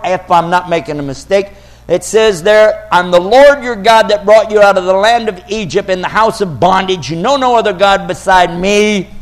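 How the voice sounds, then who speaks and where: A man giving an argumentative religious talk, quoting scripture dramatically and at times shouting. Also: high-pitched. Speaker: Islamic preacher.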